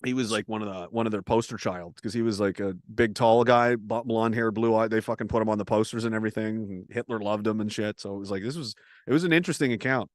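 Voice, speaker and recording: A man's voice: on the low side, fairly even intonation, quick pace, few pauses, no echo, studio quality. A man hosting a casual podcast who tells stories in a rambling, profane way and laughs often. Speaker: host.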